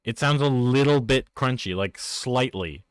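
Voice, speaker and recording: A man's voice: medium pitch, a little slow, clear, resonant tone, dry recording, clean studio sound. A man with a Newfoundland accent, chatting casually on a live stream and arguing with viewers about his microphone. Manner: exasperated, arguing with chat about his mic.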